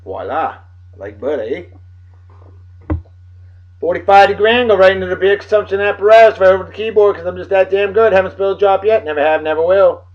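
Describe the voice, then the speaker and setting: A man's voice: high voice, fairly quick. A man hosting a casual beer-tasting vlog, boisterous and jokey, rambling between topics. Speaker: vlog host. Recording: dull lo-fi home recording with faint music.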